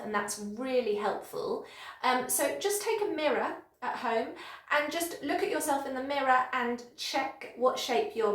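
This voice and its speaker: A woman English teacher giving a pronunciation lesson, modelling words slowly and clearly and praising the learner. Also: fairly high pitch, echoey room. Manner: slow, exaggerated modelling of words with encouraging praise.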